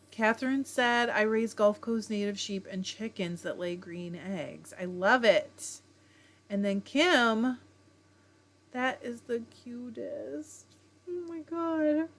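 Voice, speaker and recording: A woman's voice: fairly high pitch, takes it slowly, fairly bright tone. A middle-aged woman hosting a casual livestream from home, reading viewer comments aloud and greeting people by name in a chatty way. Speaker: livestream host reading chat. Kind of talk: casual chat.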